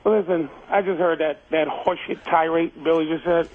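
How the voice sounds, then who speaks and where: A man's voice: fairly high pitch, steady tone, moderate pace. A man calling in to a radio show by phone, defensively and bluntly retelling his side with plenty of swearing. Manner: defensive, blunt storytelling, profane. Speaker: caller on the phone line. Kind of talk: heated on-air argument. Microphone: telephone. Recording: tinny phone line.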